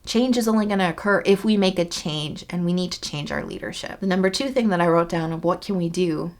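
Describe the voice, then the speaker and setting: Woman vlogger, earnest and pleading to camera, slightly low pitch. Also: a little fast. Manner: earnest, pleading, repeats for emphasis. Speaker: skincare YouTuber. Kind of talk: earnest direct-to-camera talk.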